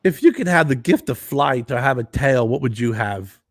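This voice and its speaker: A man doing an eccentric deadpan older actor. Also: medium pitch, normal speed, no room sound, clean studio sound, close to an everyday voice. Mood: bizarre deadpan.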